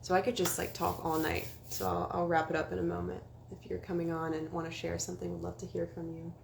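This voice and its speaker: A woman's voice: on the low side, level tone, fast talker, vocal fry, slight background noise. A young woman, a spiritual life coach, talking casually on a livestream, earnest and sometimes dropping to a whisper. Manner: earnest, drops to whispers for emphasis. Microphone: phone.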